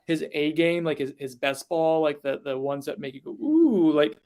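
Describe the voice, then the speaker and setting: A man's voice: a little high, level tone, normal speed, darkish tone, smooth. Rambling man on a football podcast. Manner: rambling, filler-heavy, lots of "like". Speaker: college football podcast co-host. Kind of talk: casual podcast chat.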